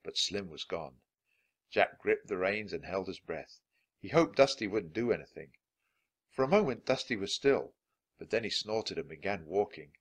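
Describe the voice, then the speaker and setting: A man reading a children's chapter book aloud, clear and deliberate for learners of English. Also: sits low, expressive. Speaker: storybook reader.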